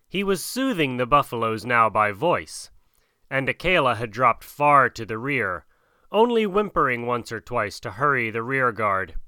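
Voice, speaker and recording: Bright-voiced man reading a classic tale. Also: medium pitch, clear, resonant tone, no room sound, clean studio sound. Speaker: narrator.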